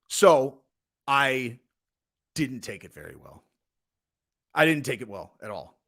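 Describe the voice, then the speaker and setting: A man's voice: a little high, a bit bright. A young man hosting his own vlog, telling a rambling, heated, profane story with lots of fillers. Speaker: channel host. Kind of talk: ranting casual vlog.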